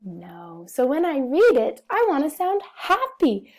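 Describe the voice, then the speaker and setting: A woman teaching a recorded reading lesson to young children, patient and expressive as she models sentences aloud. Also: fairly high pitch, takes it slowly, few pauses. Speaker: first-grade teacher.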